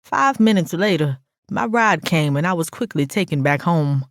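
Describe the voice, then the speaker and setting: A brash, sassy narrator reads a first-person audiobook with plenty of swearing. The voice sits in a middle pitch. The recording is dry and close. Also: expressive, normal speed, fairly bright tone, no echo.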